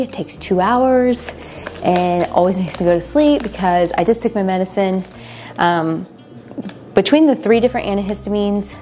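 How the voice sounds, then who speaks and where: Tired middle-aged woman vlogging, chatty and emotional, lots of ums, faint music behind. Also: medium pitch. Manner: chatty and emotional, with fillers and soft laughs. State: tired and unwell. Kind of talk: casual vlog chat to camera.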